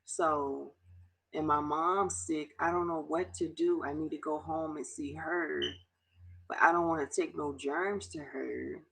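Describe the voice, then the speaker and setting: A middle-aged woman from Baltimore talks straight to her viewers in a confessional vlog. Her voice is gravelly and husky, and she is close to tears. She speaks haltingly, restarts often, and sometimes sinks to a near whisper. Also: sits low, steady tone, a bit bright, low-quality recording. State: tearful, fighting back tears. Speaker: vlogger.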